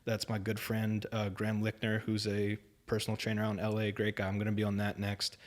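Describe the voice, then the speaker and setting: Guest, young adult male, low register, loose, filler-heavy storytelling. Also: completely flat delivery, a little fast. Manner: rambling, filler-heavy, says "like" and "dude" often. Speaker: podcast guest. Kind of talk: casual storytelling chat.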